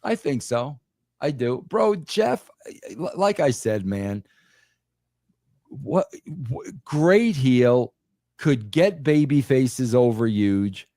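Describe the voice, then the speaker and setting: An older New Yorker, a former wrestling writer appearing as a podcast guest, talks in a mellow mid-range voice. He speaks emphatically in casual chat, says "bro" often, and restarts a lot, on a dry, clean studio recording.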